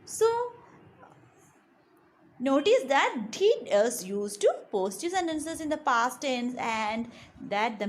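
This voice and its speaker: This high-pitched woman works through grammar in a recorded lesson, stopping often on "okay" with short pauses between points. She leans hard on her example words, over faint background noise.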